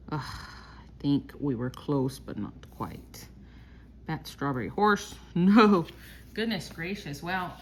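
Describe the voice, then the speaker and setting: A woman from Texas hosts a casual scratch-off vlog, calling out each symbol slowly and deliberately. Her voice sits a little low with a gravelly, fry-laden texture. Faint noise hums behind her. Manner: slow, reads out symbols one by one while scratching. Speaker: lottery scratch-off vlogger.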